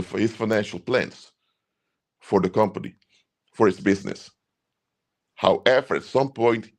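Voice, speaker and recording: A man speaking as a consultant, giving earnest, emphatic advice and repeating his key points. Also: fairly low pitch. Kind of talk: advice talk to camera.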